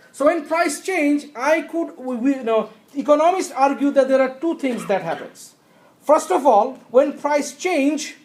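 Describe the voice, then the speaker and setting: This man has a high voice and is recorded from a distance on a tablet screencast, with a roomy echo. He delivers a classroom economics lecture, repeating key points, checking that everyone follows, and coughing occasionally.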